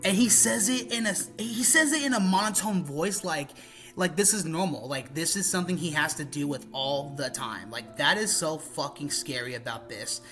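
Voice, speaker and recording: A man's voice: fairly high pitch, moderate pace, sharp tone, soft background music. A man narrating internet drama commentary in a blunt, profane, exasperated way.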